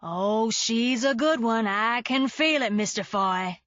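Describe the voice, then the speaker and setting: A woman doing a honey-smooth Southern mother. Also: fairly high pitch, fairly bright tone, dry recording, dull audio. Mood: effusive. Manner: slow, pleading, emphatic. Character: insistent mother with a Southern accent.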